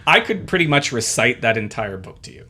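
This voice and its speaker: A man with a bright, forceful voice chats casually on a podcast, excitedly recounting a story. He stumbles into restarts as his enthusiasm runs ahead of him. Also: medium pitch, brisk. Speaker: podcast co-host. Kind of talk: casual chat.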